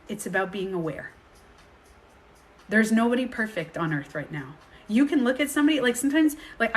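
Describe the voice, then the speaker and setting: A woman speaking as a healing coach in a casual coaching talk to viewers, animated and acting out inner voices, reading and answering viewer questions. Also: mid-range voice.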